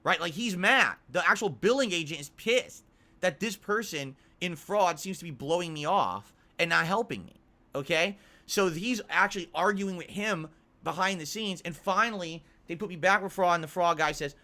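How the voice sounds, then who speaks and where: A man's voice: high-pitched, moderate pace, bright, forceful tone. A man streaming, exasperatedly retelling a long customer service ordeal. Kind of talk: venting story on a livestream.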